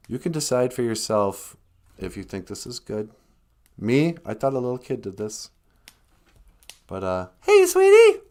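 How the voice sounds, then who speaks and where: A man's voice: mid-range voice, a little mellow. A man hosting a comedic live stream for kids, rambling and self-deprecating with plenty of ums and uhs. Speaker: host of a kids' language show.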